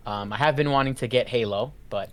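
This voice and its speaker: A man co-hosting a casual gaming podcast, telling relaxed, self-deprecating stories in an easygoing way. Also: medium pitch, fairly quick. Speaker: podcast co-host.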